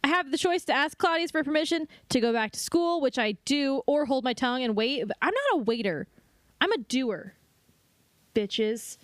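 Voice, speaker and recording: A young woman co-hosting a casual comedy book podcast, giggly and playful, with sudden loud mock wails. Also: high voice, moderate pace, no room sound. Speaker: podcast co-host.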